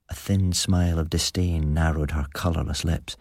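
A man narrating an audiobook in an even, measured storytelling manner. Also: low-pitched, dry recording, clean studio sound.

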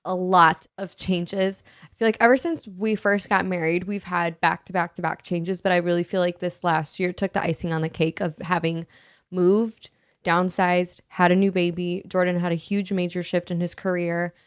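A woman with a somewhat low voice talks openly and conversationally as a podcast co-host. Her speech is full of casual fillers and is recorded dry and close. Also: flat delivery, moderate pace, clean tone, no room sound. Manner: candid, chatty, many fillers. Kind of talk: casual faith podcast chat.

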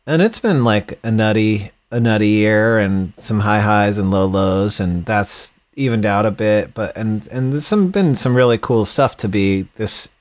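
A man's voice: lowish voice, a little slow, few pauses. A man rambling in casual podcast chat as a guest, full of fillers and restarts. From Milwaukee. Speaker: podcast guest, band musician.

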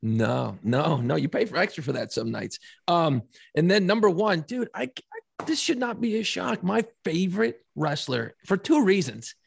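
A man co-hosting a podcast, a lively storyteller who laughs often and swears freely in casual chat. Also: high-pitched, normal speed, creaky, slight background noise. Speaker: podcast co-host.

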